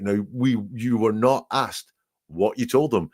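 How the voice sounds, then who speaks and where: A man's voice: medium pitch, a little slow, darkish tone. A man working as a statement analysis expert, reading quoted testimony aloud and picking apart the word choices in analytical commentary.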